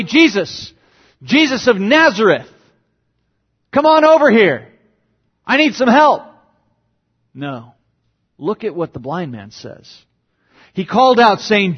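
A man's voice: husky, lo-fi sound. A man preaching a sermon as pastor, explaining a passage verse by verse and acting out quoted cries with sudden rises in voice. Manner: dynamic, acts out quoted lines with big pitch jumps.

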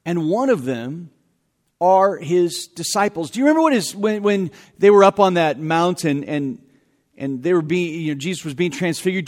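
A pastor with a high-pitched voice preaches a sermon in a conversational, animated way, adding self-deprecating asides. The sound has a big-room quality.

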